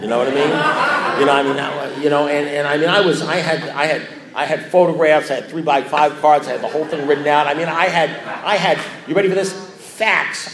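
A man sharing a recovery story, rambling and repeating himself, playfully acting out what others said. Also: fairly high pitch. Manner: repetitive, self-mocking, acts out quoted lines. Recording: echoey room.

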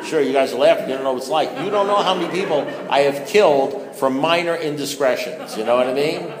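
A man's voice: on the high side, quick pace, crowd noise. Rambling self-mocking man in an echoey hall. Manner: animated, rambling, self-mocking, with stammered restarts. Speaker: speaker telling his recovery story. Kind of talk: comic storytelling talk to a live room. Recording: echoey hall with long reverb.

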